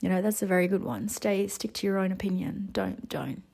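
Woman, late twenties, casual motivational monologue, chatty animated storytelling. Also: medium pitch, brisk, creaky, breathy edge. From Netherlands. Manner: chatty, animated storytelling with lots of "you know" and "like". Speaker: wellness vlogger.

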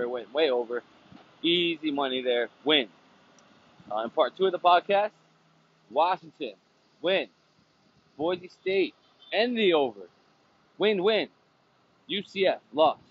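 Brash profane betting podcast host outdoors. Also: male voice, fairly high pitch, a bit bright, dull audio, slight background noise. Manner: brash and profane, recapping picks. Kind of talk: casual sports betting podcast. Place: outdoors, windy, traffic nearby.

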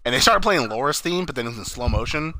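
A man's voice: medium pitch, expressive, fast, pushed and bright, no room sound. A man co-hosting a casual podcast, rambling and laughing as he recaps a TV episode and acts out lines, with plenty of swearing. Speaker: podcast co-host.

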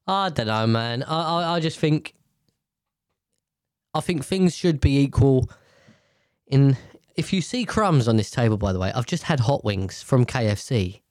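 A man's voice: mid-range voice, lively intonation, unhurried, pauses often, dry recording, studio quality. A man hosting a solo podcast from a table at home, rambling in casual chat, swearing freely and often restarting his sentences. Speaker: podcast host.

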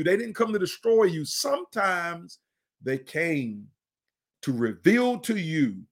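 A middle-aged man preaching in a podcast, earnest, often repeating and restarting phrases and slowing down to stress a point. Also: a little high. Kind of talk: conversational podcast sermon.

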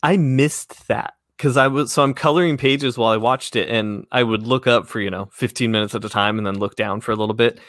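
A man's voice: mid-range voice, fairly quick, hardly any pauses, a bit bright, dry recording. A man hosting a casual podcast with an easygoing manner, laughing often as he talks. His voice sits in the middle range. It is recorded dry and close. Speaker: podcast host.

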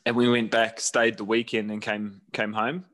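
A man's voice: lowish voice, level tone, moderate pace, fairly bright tone. Rambling man telling travel stories. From New Zealand. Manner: rambling with fillers and restarts. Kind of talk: casual chat, storytelling.

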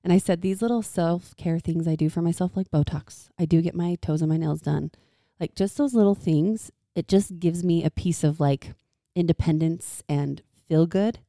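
A young mom with a low, mellow voice tells stories on a podcast, playing every part of the conversation with lively energy. She is heard close and dry. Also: normal speed, few pauses, no room sound. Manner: animated storyteller who acts out quoted dialogue. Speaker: podcast co-host. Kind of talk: casual chat.

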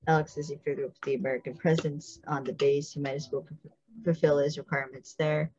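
A woman's voice: low voice, flat delivery, fast talker, a little mellow, muffled recording. A woman hosting a podcast, recapping a TV episode in casual chat and stopping to explain details with asides. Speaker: podcast host.

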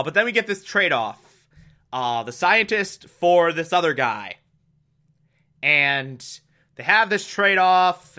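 Man, high voice, unhurried, casual animated episode recap. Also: clear, resonant tone. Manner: animated and exclamatory. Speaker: show recapper.

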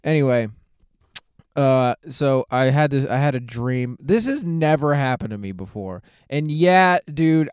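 A young man rambles through a profane solo comedy podcast from the driver's seat of a parked car, laughing at his own jokes as he goes. His voice is smooth and clear. The sound is dry and close, with no room around it. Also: fairly high pitch, no echo.

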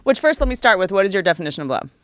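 A woman's voice: mid-range voice, big pitch swings, very fast, no room sound, studio quality. Frank, teasing woman host. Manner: frank, teasing, asks blunt questions. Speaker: podcast host. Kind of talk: casual podcast chat.

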